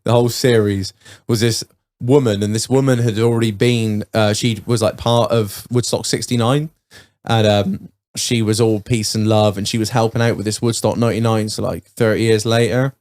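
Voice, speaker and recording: Excitable man swapping banter. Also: lowish voice, moderate pace. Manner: excitable, swears freely, acts out voices. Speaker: podcast co-host. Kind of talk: casual banter.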